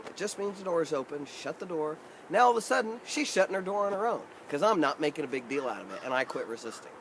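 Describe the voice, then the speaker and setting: A man's voice: high voice, fairly bright tone, a little hiss or hum. A middle-aged man, a life coach, speaking straight to camera in an earnest, encouraging way and telling stories with animation. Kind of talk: direct-to-camera coaching talk.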